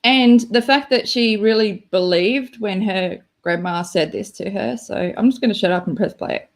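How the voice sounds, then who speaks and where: A woman's voice: medium pitch, normal speed. A woman hosting a live stream, chatting casually and rambling with lots of "like" and giggles. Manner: rambling, giggly, full of "like" fillers.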